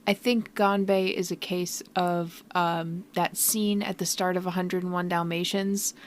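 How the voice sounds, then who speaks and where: A woman with a fairly low voice chats on a podcast. Her delivery is dry and matter-of-fact, and she keeps it casual. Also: flat delivery, measured pace. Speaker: podcast co-host. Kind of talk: casual chat.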